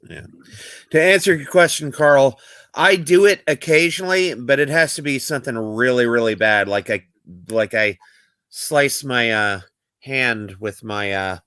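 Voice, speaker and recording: A man with a bright, forceful voice retells stories in a loose, chatty way. The sound is dry and close. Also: mid-range voice, unhurried, clean tone, dry recording. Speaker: podcast co-host. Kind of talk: casual chat.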